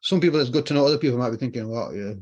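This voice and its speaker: Talking rapid-fire over dull audio, a man teaches Arabic online with a medium-pitched, slightly mellow voice. Still patient, he repeats key phrases and answers his own questions.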